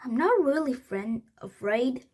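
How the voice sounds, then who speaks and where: A woman voicing a cautious, thoughtful young boy in a storybook, speaking hesitantly and slowly. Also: high-pitched, lively intonation, darkish tone, breathy edge, full character voice.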